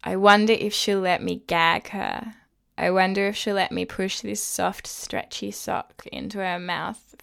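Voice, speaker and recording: A woman playing a teasing lover with a gravelly voice. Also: on the low side. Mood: aroused.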